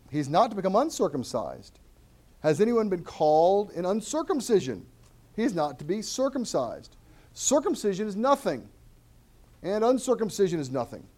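Brief: male pastor, fairly high voice, very expressive pitch, preaching with many restarts. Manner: animated, repeats words and restarts phrases. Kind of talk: sermon.

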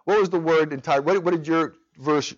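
Man, thirties, Sunday school teacher, earnest chatty teaching, a bit tired, slightly high voice, dull sound. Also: moderate pace. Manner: earnest, conversational, animated when telling stories. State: tired from a sleepless night. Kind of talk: adult Sunday school lesson.

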